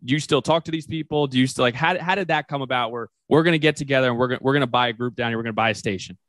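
Fast-talking young man hosting interview. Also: mid-range voice, fairly bright tone, dry recording. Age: young adult. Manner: quick questions, frequent short interjections. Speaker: podcast host. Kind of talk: casual interview.

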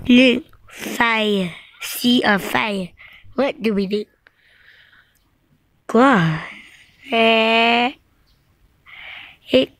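A woman's voice: on the high side, fairly bright tone. A woman improvising a playful story, acting out several characters with repeated words and meowing sounds. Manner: playful, switching between characters, many meows and repeated words. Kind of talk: improvised toy play storytelling.

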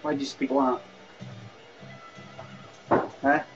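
A man's voice: mid-range voice, flat delivery, slow, over loud music. A Scottish man hosting a live webcam comedy show, mocking and sarcastic, swearing often. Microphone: webcam mic. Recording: dull lo-fi webcam audio.

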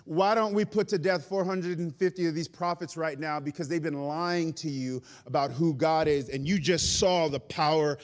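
A man's voice: fairly high pitch, steady tone, normal speed, few pauses, big-room sound, voice pushed down, close to an everyday voice. A man voicing a cocky male prophet who mocks his rivals. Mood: triumphant. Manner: smug, mocking.

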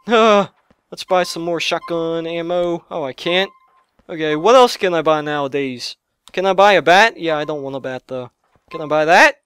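A young man giving excitable gameplay commentary on his own gaming channel, shouting and yelping at the game between quick chatter. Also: on the high side, smooth, no room sound, faint music behind. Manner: loud, yelps and shouts at the game. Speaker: let's play gamer. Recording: lo-fi restored audio.

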